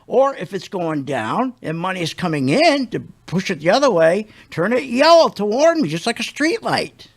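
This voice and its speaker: An older male radio host with a high-pitched voice rants bluntly and indignantly. He rambles from point to point in a loose, conversational way. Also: sing-song, moderate pace, hardly any pauses. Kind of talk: ranting radio talk.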